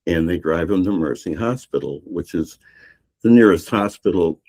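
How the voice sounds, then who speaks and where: A man's voice: sits low, lively intonation, normal speed, darkish tone. An older man, a novelist, retelling his book's plot in a podcast interview, rambling with restarts and fillers. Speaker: novelist guest.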